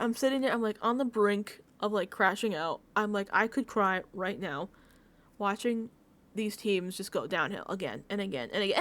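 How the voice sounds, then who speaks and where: A woman vlogger recapping a reality show in a casual reaction chat, talking emotionally and effusively, full of "like" and breaking into laughs. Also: mid-range voice. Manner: effusive, emotional, filler-heavy with frequent "like"; laughs between phrases.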